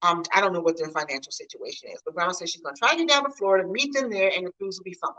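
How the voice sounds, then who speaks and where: A woman's voice: lowish voice, rapid-fire, poor audio. A middle-aged woman from the Mid-US, telling stories casually and chatting straight to her viewers in a home vlog. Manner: chatty, animated, talks to viewers directly. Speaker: vlogger.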